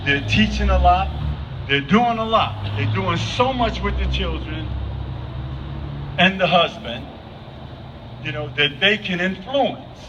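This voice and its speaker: A man with a high voice is heard far from the microphone, speaking impromptu at an outdoor vigil. Again and again he throws questions out to the crowd. The recording sounds dull and lo-fi, carrying a faint hiss.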